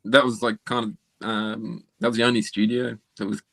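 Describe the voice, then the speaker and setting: A man who is a guest musician, telling stories in a relaxed, laid-back way. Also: lowish voice, moderate pace, gravelly, no echo. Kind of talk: casual chat.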